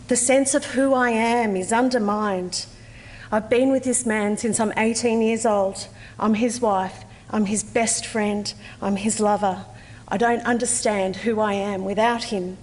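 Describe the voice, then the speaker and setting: An Australian woman in her forties gives a measured, earnest personal testimony at a conference, with slow, deliberate pauses. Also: mid-range voice, steady tone, a little mellow, long reverb tail. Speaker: conference speaker. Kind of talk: personal testimony, read aloud. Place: conference hall.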